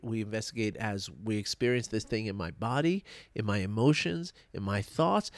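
A man in his thirties talks straight to camera, tearful and emotional. He speaks in an earnest, halting way, with many fillers and restarts. His voice sits at an ordinary pitch and sounds dry and close, with no room sound. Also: no echo. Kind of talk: personal reflective vlog.

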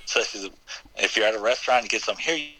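A man's voice: on the low side, quick pace, pushed and bright, low-quality recording. A man from Maryland with a slight Southern Maryland twang, a country singer guesting on a radio show. He talks in an easygoing way and laughs often. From Maryland, USA. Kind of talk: casual radio interview.

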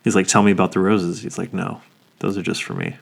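Low-voiced man swearing through casual chat. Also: fast, gravelly, breathy edge. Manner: swears a lot, gets emotional about movies. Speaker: podcast co-host.

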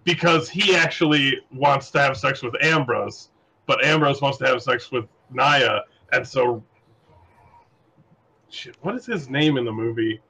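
A man's voice: medium pitch, a little slow, pushed and bright, breathy edge, poor audio. A man who is a guest on a podcast, joking loosely and chuckling as he talks about a movie. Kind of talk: casual movie review chat.

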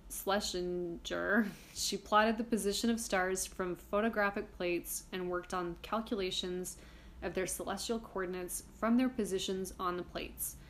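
A woman hosting a casual history podcast, chatty and irreverent, swearing casually while reading from her notes. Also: mid-range voice. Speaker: podcast host.

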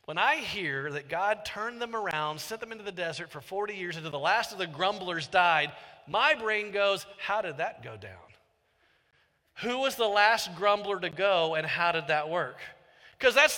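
A man delivers a sermon in a high, ringing voice. He is animated and jokes often, and he slips into little character voices for his stories. His words carry a long reverb from a large hall. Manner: animated, joking, acts out voices. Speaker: pastor.

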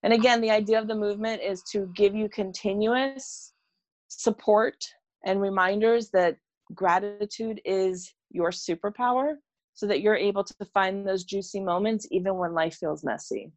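A woman's voice: mid-range voice, normal speed, dry recording. A middle-aged woman, a former teacher, telling stories on a podcast and acting out the voices of the people in them. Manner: animated, acts out voices in her stories. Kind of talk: conversational storytelling.

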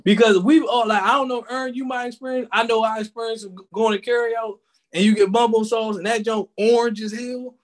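A man with a high, bright voice and a Washington DC accent talks in a casual, animated back-and-forth. His delivery is slangy and emphatic, pressing each point home. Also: fairly quick. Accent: Washington DC area. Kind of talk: casual chat.

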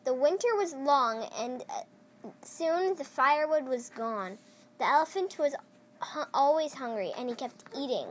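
A child reading a picture book aloud, slowly and with small stumbles and restarts. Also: high voice, lively intonation, slight background noise. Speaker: storyteller.

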